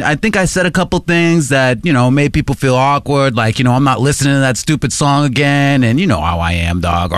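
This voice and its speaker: A man's voice: medium pitch, no room sound. A man co-hosting a podcast, telling a story in laid-back, slangy banter full of laughs. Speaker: podcast co-host. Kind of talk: casual chat.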